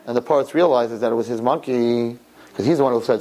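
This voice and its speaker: A man telling religious stories in an animated sermon, often repeating his phrases. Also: medium pitch, racing. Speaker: religious storyteller. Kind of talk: sermon storytelling.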